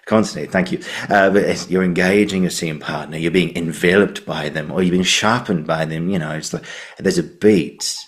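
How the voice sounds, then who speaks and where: A man's voice: low voice, moderate pace. A man hosting a podcast interview, rambling loosely through stories with lots of fillers. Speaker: podcast host. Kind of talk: casual interview chat.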